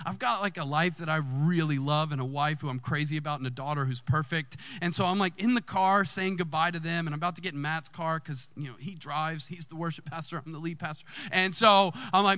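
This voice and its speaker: A man, a lead pastor telling a personal story in a sermon and jumping high in pitch when excited. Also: a little fast, few pauses, dry recording.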